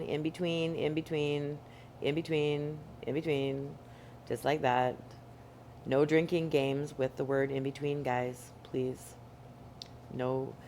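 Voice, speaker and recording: Lady with a really deep voice, chatty painting tutorial, lots of ums. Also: darkish tone, slight background noise. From Canada. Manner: chatty, rambling, many fillers. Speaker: rock painting instructor. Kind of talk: casual tutorial narration. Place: home indoors.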